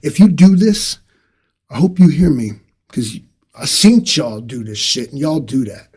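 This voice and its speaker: A man with a somewhat high voice riffs on an unplanned solo livestream, talking straight into a webcam. His delivery rambles and curses freely, and his volume swings from loud outbursts to near mutters. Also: animated, measured pace, slightly rough. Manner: rambling, profane, swinging between loud and quiet. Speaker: livestream host. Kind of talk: unscripted solo livestream rant.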